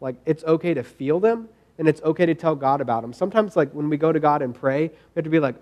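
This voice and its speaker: Guy preaching a chill sermon, kinda high voice, lots of "like" and restarts, earnest. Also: expressive, fast, few pauses, lo-fi sound. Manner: casual, earnest, many "like" fillers and restarts. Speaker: pastor. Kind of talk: conversational sermon with scripture reading.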